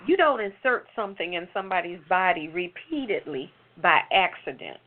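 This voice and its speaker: A woman's voice: fairly low pitch, sing-song, normal speed. A woman giving a heated, sarcastic commentary on a late-night talk show, firing off rhetorical questions. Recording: phone-like narrow sound.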